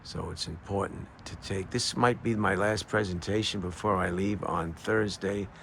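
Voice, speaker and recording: An older man talking in a casual, rambling monologue outdoors, halting often with fillers and restarts. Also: low-pitched, fairly even intonation, vocal fry, fairly bright tone, a little hiss or hum. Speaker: vlogger.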